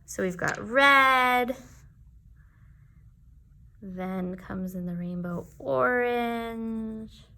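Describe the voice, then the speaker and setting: Slow, patient woman teaching young children. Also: on the high side, bright, forceful tone. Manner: patient, sing-song, repeats letter sounds slowly. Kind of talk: teaching a children's alphabet lesson.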